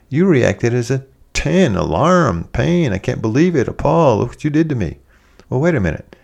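A man preaching a sermon, animated and conversational, acting out quoted voices as he speaks. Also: mid-range voice, creaky.

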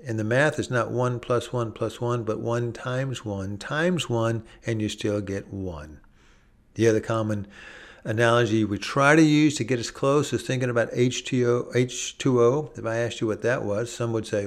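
Earnest male preacher with measured delivery. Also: mid-range voice. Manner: earnest, varied pacing, acts out voices in Bible stories. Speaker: pastor. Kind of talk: sermon.

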